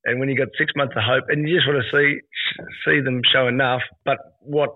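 A man's voice: mid-range voice, fairly even intonation, brisk, dry recording. Laid-back Australian man on a tinny line. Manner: laid-back joking footy banter. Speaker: podcast co-host. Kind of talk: casual chat. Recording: tinny phone-like remote call.

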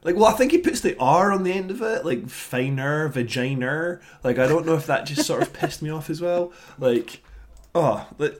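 A podcast co-host in his thirties speaks briskly in a higher-pitched voice, grumbling through animated rants about an album he disliked. It's a casual album review chat, and he swears freely.

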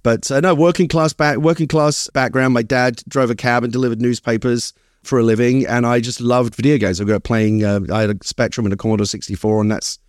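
Fast-talking British man, half-Americanized accent. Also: mid-range voice, dry recording, clean studio sound. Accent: London British, partly Americanized. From East London, England. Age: middle-aged. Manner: animated, rambling storyteller with frequent restarts. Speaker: guest screenwriter. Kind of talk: casual interview chat.

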